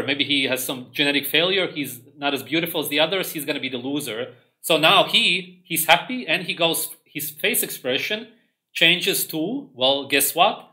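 A man hosts a livestream in a contemptuous, ranting monologue. His voice is bright, forceful and fairly high for a man. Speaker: livestream host.

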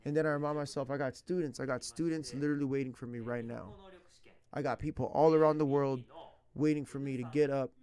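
A man's voice: medium pitch, fairly even intonation, fast talker, darkish tone. A man in his thirties chatting casually as a language teacher streaming online, slangy, rambling and earnest. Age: 30s. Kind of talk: casual chat.

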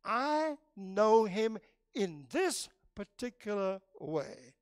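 A man preaching a sermon in church, emphatic and animated, rising and dropping sharply and restarting his phrases often. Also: extremely high pitch, unhurried, dry recording, clean studio sound.

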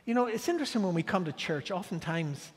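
High-voiced dramatic male preacher. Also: lively intonation, fast. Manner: dramatic storytelling, swinging from loud declarations to hushed asides. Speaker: guest preacher. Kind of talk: sermon. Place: church sanctuary. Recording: church hall reverb.

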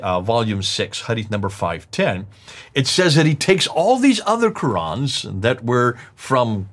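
A man's voice: on the low side, a bit bright. A middle-aged man presenting a lecture-style discussion, emphatic, repeating key words and explaining with examples. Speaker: presenter teaching on manuscript history.

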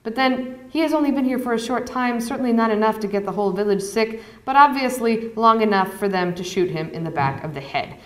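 A woman author reading her novel aloud to an audience at a university, in measured, even first-person narration. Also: on the high side. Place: university lecture hall. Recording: echoey hall.

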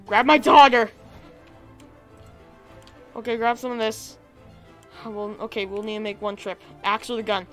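A woman with a raspy, hoarse voice from being sick, giving chatty let's-play commentary, thinking aloud and bursting into excited cheers. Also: mid-range voice, moderate pace, faint music behind. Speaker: gaming video creator.

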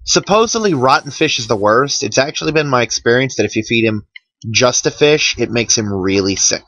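A man's voice: mid-range voice, lively intonation, brisk, a bit bright, dry recording, poor audio. Tired, wry man doing game commentary. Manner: chatty, wry, tired and yawning. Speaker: let's play commentator.

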